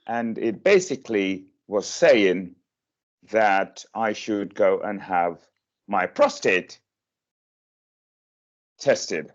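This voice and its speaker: A man telling his own story to an online meeting, hesitant and emotional, with many pauses and fillers. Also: lowish voice, dull audio. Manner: slow and hesitant, many uhs, emotional and animated when quoting. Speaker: guest speaker sharing his experience.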